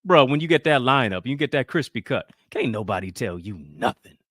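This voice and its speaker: Animated man preaching about boundaries. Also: mid-range voice, a little fast, no room sound, clean studio sound. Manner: call-and-response, rhetorical questions, playful quoted voices. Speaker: motivational speaker. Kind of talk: preaching-style motivational talk.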